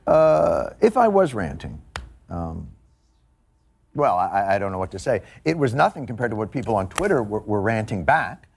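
A man with a New York accent delivering a comedic late-night monologue, mock-indignant with deadpan asides. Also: lowish voice, normal speed, vocal fry, a little hiss or hum. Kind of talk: comedic monologue to a studio audience.

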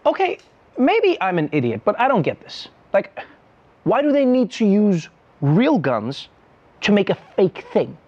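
A man's voice: high voice, wildly swooping pitch, measured pace, a little mellow, dull audio. A man hosting a comedy show, delivering a sarcastic, incredulous satirical monologue.

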